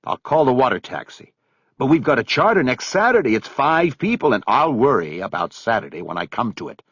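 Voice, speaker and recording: A man voicing a middle-aged man who talks in a curt, forceful way, close to his own low voice. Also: sing-song, fairly quick, slightly rough, dry recording, lo-fi sound, heavily acted. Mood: angry. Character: angry, clipped middle-aged man holding back rage.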